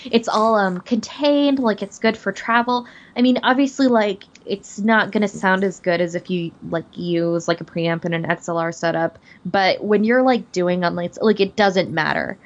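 A woman's voice: mid-range voice, normal speed, hardly any pauses, highs cut off. A young woman, a voice actor, talking casually in a podcast chat with lots of fillers and restarts. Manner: chatty, many fillers and restarts. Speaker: voice actor guest.

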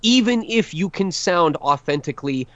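A man's voice: sits high, lively intonation, moderate pace, fairly bright tone, no echo, lo-fi sound. A man voice actor giving advice in a podcast interview, earnest and emphatic, restarting his sentences often. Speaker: voice actor guest.

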